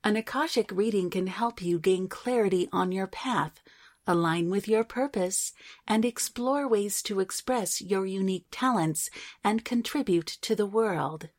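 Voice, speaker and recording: A woman guest on a podcast, speaking softly and supportively during a channeling session. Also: mid-range voice, unhurried.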